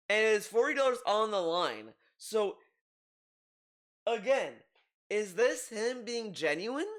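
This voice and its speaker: A man's voice: sits high, animated, normal speed, a bit bright. A man giving casual commentary, rambling with frequent restarts and asides. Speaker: commentary youtuber.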